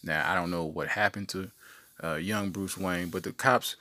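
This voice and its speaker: Brief: male podcast host, low and bright-edged voice, joking storyteller, dry close mic. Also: steady tone, normal speed, dry recording. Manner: playful storyteller, slangy asides. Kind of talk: casual solo podcast monologue.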